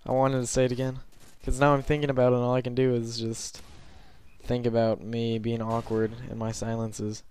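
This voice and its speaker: A young man giving rambling, self-conscious gameplay commentary from his bed late at night, filling pauses with lots of ums. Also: medium pitch, monotone, dark tone, clean tone.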